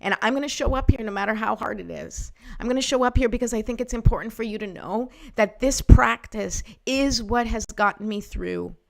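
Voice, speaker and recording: A woman's voice: mid-range voice, vocal fry. Woman, livestream host; earnest, emotional, on the edge of tears. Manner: earnest, emotional, greets viewers by name. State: close to tears. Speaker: spiritual live-stream host. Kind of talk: heartfelt livestream talk with card reading.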